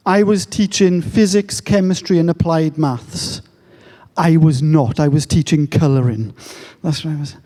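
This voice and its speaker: A man's voice: fairly high pitch, unhurried, warm tone. An English man giving a conference talk, telling a story with self-mocking jokes, heard in a large hall. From England. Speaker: speaker. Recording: long hall reverb.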